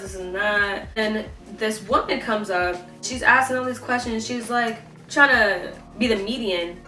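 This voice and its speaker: Animated teen girl, echoey room. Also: medium pitch. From South Carolina. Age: teenager. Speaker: vlogger. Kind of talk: animated storytime rant. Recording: echoey, voice a bit far from the mic, faint music.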